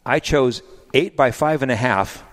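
A vineyard owner and grape grower explaining planting choices in a measured, self-deprecating way during a casual podcast conversation. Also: male voice, medium pitch.

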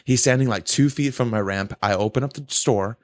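A man's voice: medium pitch, brisk, no echo, clean studio sound. A man telling a long, profane story in a rambling casual way, often tagging "right?" onto his sentences. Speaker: podcast co-host telling a story.

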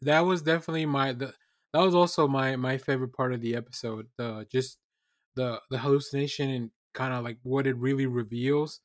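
A man talking casually as a podcast co-host, stopping and restarting his sentences often. His pitch is mid-range. The recording is dry and close-miked. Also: fairly even intonation, no echo. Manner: halting, many restarts and fillers. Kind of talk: casual recap chat.

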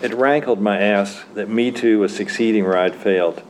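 A man's voice: on the low side, normal speed, darkish tone, a little hiss or hum. A man reading his own story aloud at a church literary evening, wry and chuckling at his own lines.

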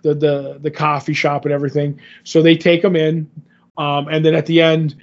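A man's voice: fairly high pitch, monotone, moderate pace. Rambling man recapping comics, lo-fi. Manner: rambling recap with many fillers, acts out quotes. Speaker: podcast co-host recapping comics. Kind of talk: casual chat. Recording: dull lo-fi audio.

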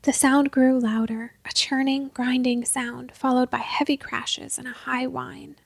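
High, gravelly woman narrating a story. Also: flat delivery, unhurried, no echo. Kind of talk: scripted narration.

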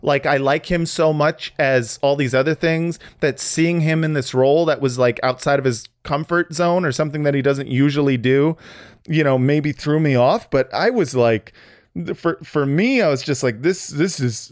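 Male co-host, higher-pitched, animated and opinionated, dry booth sound. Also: no echo. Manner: animated, opinionated, halting restarts. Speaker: podcast co-host. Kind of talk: casual chat.

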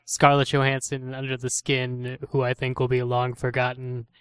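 A man on a film podcast panel speaks hesitantly, with dry humor. His voice is smooth and resonant. The sound is close and dry. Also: mid-range voice, completely flat delivery, normal speed, no echo. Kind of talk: casual chat.

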